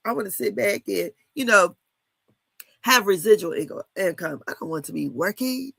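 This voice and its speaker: A woman in her fifties chats casually about a reality show as a commentator, candid and blunt, laughing often and cussing freely. Her mid-range voice is expressive, gravelly, bright, forceful and slightly rough, at a moderate pace, in a dry recording.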